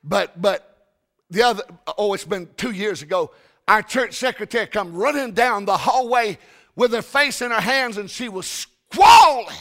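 Gravelly, bright-voiced older preacher shouting. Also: male voice, high-pitched, normal speed. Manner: folksy, shouting and storytelling. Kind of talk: sermon.

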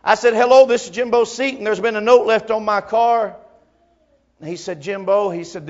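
A man preaching a sermon, telling a personal story, moving from hushed tones to crying out. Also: sits high, steady tone, moderate pace, muffled recording. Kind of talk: emotional Southern sermon storytelling.

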